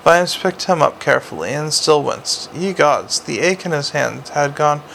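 An animated male narrator with a high-ish, gravelly, slightly bright voice reads a fantasy story at normal speed. He keeps tripping over and restarting words, and a little hiss or hum sits under the audiobook recording.

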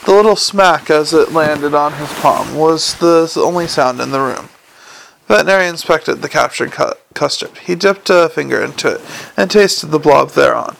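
Gravelly male audiobook narrator. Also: on the high side, a bit bright, a little hiss or hum, low-quality recording. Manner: wry, measured narration with occasional slips. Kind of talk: reading a novel aloud.

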